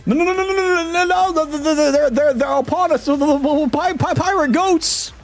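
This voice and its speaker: A man's voice: a little fast, soft background music. A man voicing a pompous, easily panicked rich merchant in a video game, fussy and stammering when alarmed. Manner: flustered and fussy, stammering in high shrill panic.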